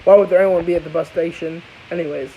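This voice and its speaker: Tired young guy, high voice, rambling vlog review; dull, hissy audio. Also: steady tone, fast talker. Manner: rambling, profane, restarts a lot. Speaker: book and episode reviewer. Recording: dull hissy home recording.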